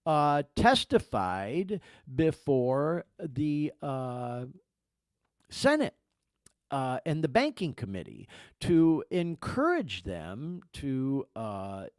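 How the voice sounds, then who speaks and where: A man's voice: mid-range voice, wildly swooping pitch, very slow, dry recording. A man hosting a podcast in casual talk, emphatic and swearing, calling listeners "y'all". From California. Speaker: podcast host.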